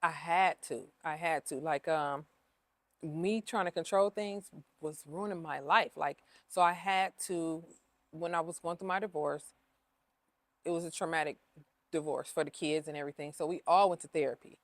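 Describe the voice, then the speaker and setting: A woman's voice: sits low, moderate pace, no echo. A woman who owns a cleaning business, talking openly in a casual interview, emotional and repeating herself with lots of fillers. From Ohio.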